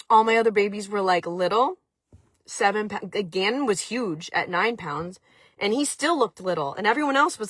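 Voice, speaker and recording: A woman's voice: medium pitch, moderate pace, fairly bright tone, no room sound, studio quality. A middle-aged woman with a Maine accent tells a personal story in a casual livestream chat, full of fillers and restarts, and talks now and then to viewers in the chat. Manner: chatty, emotional, many fillers and restarts. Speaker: host of a chat stream.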